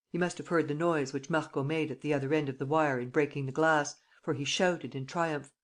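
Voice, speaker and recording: A woman narrating an audiobook with an even, measured reading. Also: low voice. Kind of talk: scripted narration.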